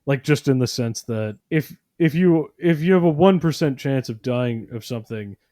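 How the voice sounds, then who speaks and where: A man's voice: mid-range voice, expressive, normal speed, mellow, no echo, clean studio sound. A man co-hosting a podcast, rambling in casual chat with lots of fillers and sarcastic mock voices. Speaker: podcast co-host.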